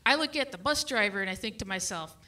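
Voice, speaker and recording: A woman doing a stand-up set on a brewery stage, telling stories in a halting, stammering way. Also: medium pitch, lively intonation, heavy background noise. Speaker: stand-up comic. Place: brewery stage with live audience.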